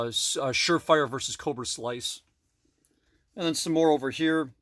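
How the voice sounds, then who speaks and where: A man's voice: a little high, a bit bright, dry recording. A middle-aged man casually narrating a tour of his collection in a basement, with frequent fillers and self-corrections. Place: basement room.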